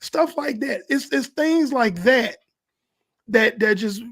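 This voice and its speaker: A high-pitched man, chatting loosely about football on a podcast. He talks in an animated way and slips into little voices as he quotes imagined players and coaches. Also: slow pace. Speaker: podcast co-host. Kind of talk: casual sports talk.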